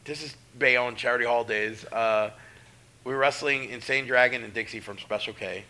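A middle-aged professional wrestler tells stories in casual, profane talk, using a medium-pitched voice at a moderate pace. He's animated and acts out the voices of the people in his tales.

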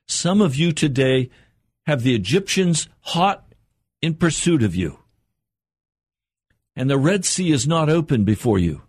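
An older man preaching an earnest radio sermon, his voice climbing higher as he presses a point. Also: animated, unhurried, darkish tone, slightly rough, dry recording, clean studio sound. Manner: earnest, rising in pitch for emphasis and quotes.

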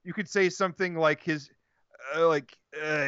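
A man co-hosting a podcast, making wry jokes about a movie in halting, casual banter. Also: a little high, fairly even intonation, a bit bright, clear, resonant tone, dry recording, dull audio. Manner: wry, joking, halting with restarts. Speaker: podcast co-host.

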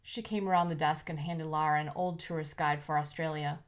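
A woman narrating an audiobook in an even, measured way. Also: low voice.

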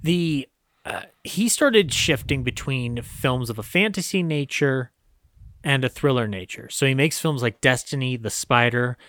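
A man's voice: mid-range voice, a little slow, fairly bright tone, no room sound. A man co-hosting a podcast, talking casually about old films with many fillers and frequent laughs. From United States. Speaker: podcast co-host. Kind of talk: casual film discussion.

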